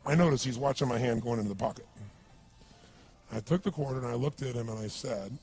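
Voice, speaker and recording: A man's voice: mid-range voice, fast, long pauses, a little mellow, soft background music. A man giving a motivational seminar talk, telling a story with energy and asking the crowd questions. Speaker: motivational speaker.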